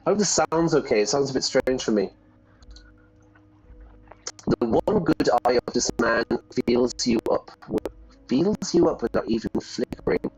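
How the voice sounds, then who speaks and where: A man's voice: mid-range voice, expressive, moderate pace, a little mellow, breathy edge, soft background music, rough recording. A man streaming a video game, reading lines aloud and chatting as an English teacher explaining words to learners.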